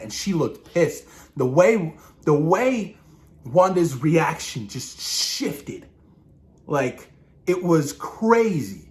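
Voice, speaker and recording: A man casually discussing a TV episode, excitable and rambling, swearing freely and acting out his own reactions. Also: a little high, slow. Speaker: show reviewer.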